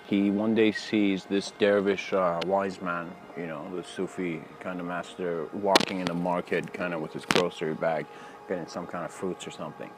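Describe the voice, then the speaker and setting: A man giving a casual spoken lecture outdoors near train tracks, telling stories in a relaxed, rambling way. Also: low voice, moderate pace, poor audio. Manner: relaxed, rambling, many fillers. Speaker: spiritual lecturer.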